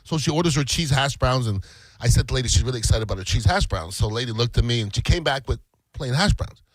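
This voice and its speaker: A man co-hosting a casual radio aftershow, speaking bluntly with wry, emphatic declarations. His voice sits in an ordinary middle pitch. The mic sound is close and dry. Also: animated, quick pace, no echo, low-quality recording. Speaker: radio show co-host.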